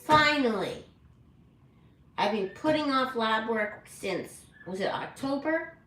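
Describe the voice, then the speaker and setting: Her pitch is fairly high and animated, though she talks slowly, with a somewhat bright tone. She runs a parrot channel and is livestreaming casually from home, chatty and rambling, often correcting herself with viewers. The recording is rough and the room echoes.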